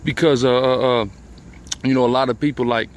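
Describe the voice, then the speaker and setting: A man's voice: mid-range voice, steady tone, fairly quick, slight background noise. A man from a religious group talking in an outdoor interview, often adding "you see what I'm saying". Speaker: member of a religious organization. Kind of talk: casual interview talk.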